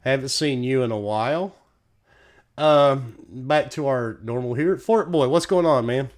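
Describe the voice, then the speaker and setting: A man's voice: medium pitch, measured pace. A man hosting a casual gaming talk show who jokes loosely and swears freely. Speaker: podcast host. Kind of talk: casual online show chat.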